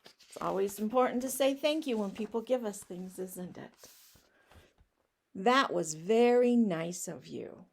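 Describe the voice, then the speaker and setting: A woman reading a picture book aloud to children, gently asking them questions and explaining. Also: mid-range voice, unhurried, gravelly. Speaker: children's story reader.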